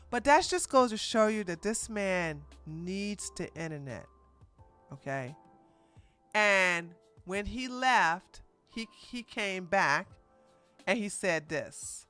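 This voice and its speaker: A woman hosting a casual reaction commentary stream, talking in an animated, mocking way with frequent laughs. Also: medium pitch, takes it slowly, long pauses, soft background music. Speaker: commentary host.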